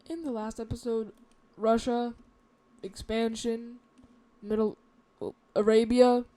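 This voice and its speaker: A woman talks through a map series in a slow, unhurried, rambling way, teasing herself as she goes. Her voice sits a little high and has a soft, mellow tone. It sounds like casual, offhand commentary. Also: level tone. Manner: rambling and self-mocking. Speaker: map video narrator.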